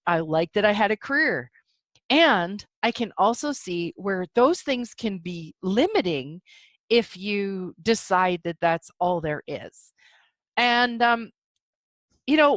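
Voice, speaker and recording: A middle-aged woman talks straight into a close mic in a dry, dead room, hosting her own podcast. Her voice sits a little high, and she rambles along in an upbeat, chatty way, full of "you know" and "like.". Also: a bit bright, dry recording. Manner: chatty, enthusiastic, rambling with many fillers. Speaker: podcast host. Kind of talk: solo casual podcast monologue.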